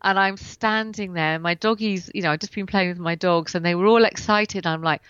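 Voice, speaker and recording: A woman's voice: on the low side, moderate pace, hardly any pauses, clean tone, no room sound, dull audio. A woman writer and coach telling a personal story in an interview from home, speaking while in pain and acting out what people said. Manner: animated, acts out what she and others said.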